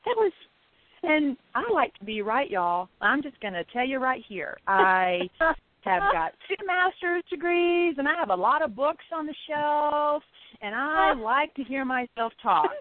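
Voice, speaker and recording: A woman's voice: high voice, very animated, unhurried. A woman telling a personal story casually, laughing often and acting out her own reactions. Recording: tinny phone-line sound.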